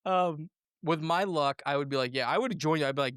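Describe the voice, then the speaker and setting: A man hosting a casual movie review podcast, animated and laughing often as he acts out quotes. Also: a little high, fast talker, dry recording, clean studio sound. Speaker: podcast host.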